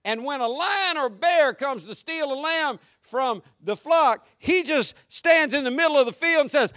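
A man preaching a sermon in an energetic, conversational style that builds up to shouts. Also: extremely high pitch, unhurried, few pauses, no echo, studio quality. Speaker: pastor.

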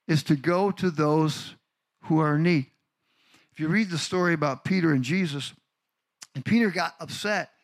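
An older man, a pastor, preaching a lively sermon, asking the congregation questions and acting out stories. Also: on the high side. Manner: animated, asks the congregation questions, acts out stories.

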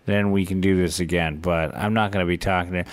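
A man's voice: sits low, steady tone, fairly quick, no echo. Laid-back man chatting, dry sound. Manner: laid-back, short interjections and advice. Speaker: podcast co-host. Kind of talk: casual comedic chat.

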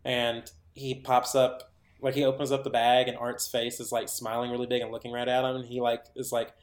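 A man's voice: mid-range voice, brisk. Podcast co-host, male, chatty and rambling, echoey room sound. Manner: animated rambling retelling full of "like"s. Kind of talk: casual chat. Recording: roomy echo.

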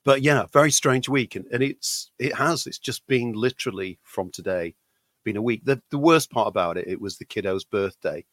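A British man, a podcast co-host, chatting casually with a gravelly voice while recovering from illness, often repeating words. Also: fairly low pitch, expressive, moderate pace, a bit bright, no room sound. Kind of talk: casual chat.

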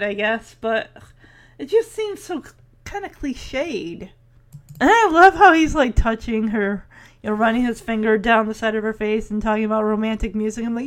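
Chatty woman recapping a show, kinda high voice, giggles a lot. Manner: chatty and giggly, laughs often. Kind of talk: casual recap chat.

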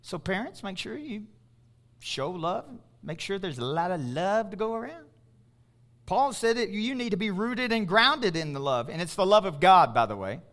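A middle-aged man preaches with a bright, forceful edge to his voice. He sits a little higher than most men and drives his points home with emphatic calls to the congregation. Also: lively intonation, normal speed. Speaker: pastor. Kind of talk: sermon.

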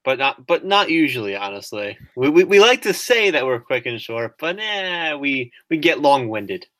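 Wry, bright-voiced male co-host. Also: medium pitch, sing-song, normal speed, no echo, clean studio sound. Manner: wry, teasing, laughs easily. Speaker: podcast co-host. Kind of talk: casual sports podcast chat.

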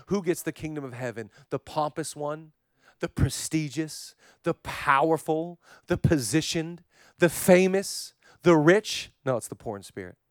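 A man preaching a sermon as pastor, with passionate rhythmic repetition, swinging from loud declarations to hushed, intimate passages. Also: a little high, animated, unhurried, smooth, dry recording, clean studio sound.

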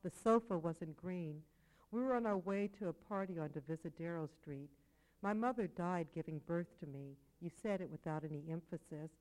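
A woman poet giving a live reading of her own work, with measured delivery and quiet, dropped asides. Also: lowish voice, low-quality recording. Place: poetry venue with audience.

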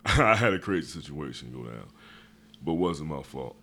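Deep-voiced laid-back man. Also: big pitch swings, normal speed, pushed and bright. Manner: laid-back, slangy storyteller. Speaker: podcast host. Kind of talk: casual chat.

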